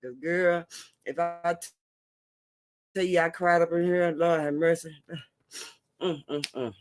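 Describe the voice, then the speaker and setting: A high-pitched man, chatting casually to viewers on a livestream. He is lively and repeats himself, laughs a lot and drops catchphrases into his talk, and the sound comes through a phone or webcam mic. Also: measured pace. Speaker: livestream host.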